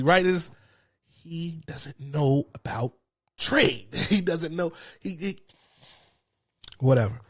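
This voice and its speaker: A man hosting his own show, giving a passionate, frustrated political commentary. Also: fairly high pitch. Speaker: host.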